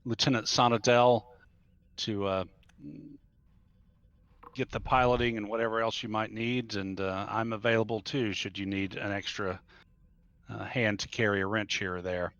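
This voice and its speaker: A man's voice: fairly low pitch, fairly even intonation, normal speed, a bit bright, no echo, muffled recording. A man playing a starship captain in a tabletop role-play game, giving orders with many hesitations.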